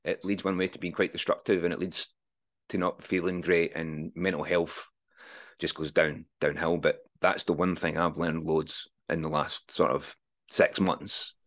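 Deep-voiced man in his forties. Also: level tone, unhurried, a bit bright. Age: 40s. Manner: earnest, reflective, swears freely. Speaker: podcast guest. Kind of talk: candid interview conversation.

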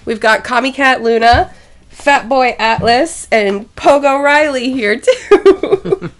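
A woman co-hosting a casual podcast, giggly and excitable. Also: high voice, takes it slowly. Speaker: podcast co-host.

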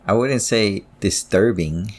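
A man's voice: lowish voice, slow pace. A man co-hosting a podcast, answering in short, easygoing remarks. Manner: brief, agreeable replies. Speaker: podcast co-host. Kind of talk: casual chat.

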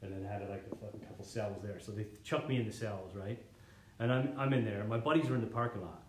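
A man's voice: fairly low pitch, steady tone, quick pace. Young man, casual rambling storyteller, swears a lot, echoey room. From Canada. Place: living room.

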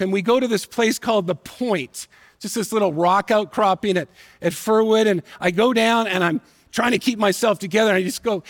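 A male pastor delivers a sermon in a fairly high voice, telling a personal story with earnest feeling. He drops softer and slower to drive points home. The sound carries a long reverb from a large church hall. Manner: earnest, emotional storytelling, slows and softens for emphasis. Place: church sanctuary.

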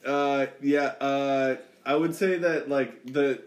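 A man's voice: medium pitch, steady tone, slow pace. A man co-hosting a casual podcast, rambling and restarting his sentences as he talks. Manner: rambling, lots of fillers and restarts. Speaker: podcast co-host. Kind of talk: casual chat.

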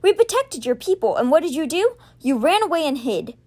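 A woman's voice: high voice, very animated, normal speed. A woman voicing an angry, defiant young male wizard confronting his brother, bitter and heated.

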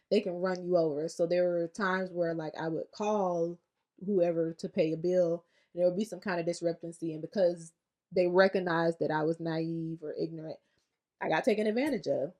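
A woman's voice: lowish voice, a little mellow. A woman co-hosting a casual podcast chat, speaking candidly and thoughtfully with easy laughter. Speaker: podcast co-host.

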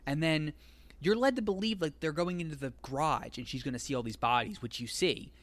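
Man, casual chat, rambling film recap, laughs a lot, acts out lines, slightly higher voice. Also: fairly quick.

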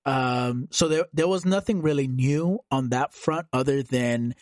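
A man's voice: medium pitch, measured pace, no room sound, studio quality. A man hosting a casual political chat podcast, talking loosely with fillers and casual swearing. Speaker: podcast host.

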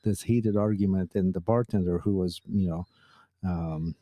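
A man's voice: low-pitched, steady tone, normal speed, dark tone, dry recording. A man co-hosting a podcast, chatting casually and telling stories with frequent laughs. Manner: chatty storyteller, laughs often. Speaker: podcast co-host. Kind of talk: casual chat.

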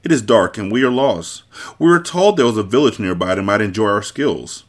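A man's voice: on the low side, animated, brisk. A man voicing a conceited, scheming Sicilian kidnapper in a storybook reading, talking in a smug, bossy way.

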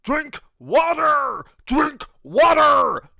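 A man impersonating an army drill sergeant who barks orders in a rhythmic, shouted cadence. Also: very high-pitched, very animated, drawn-out words, gravelly, pitched above the performer's own voice, full character voice. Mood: bellowing.

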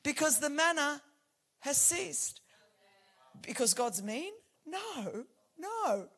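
A woman in her forties delivers a fervent sermon in a high, bright voice. She drops to near-whispers for intimate points, then rises to shouted declarations. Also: lively intonation, slow. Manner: passionate, swings from hushed to shouting. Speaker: preacher.

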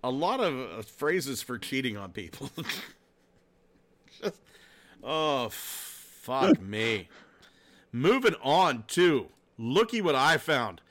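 Bright-voiced profane podcast host. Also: male voice, mid-range voice, takes it slowly. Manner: profane, laughing, animated storytelling. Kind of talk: casual chat.

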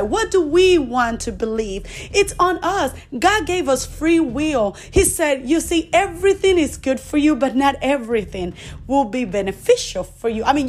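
High-voiced earnest woman preaching. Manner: earnest, asks and answers rhetorical questions; leads listeners in prayer. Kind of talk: recorded sermon with altar call.

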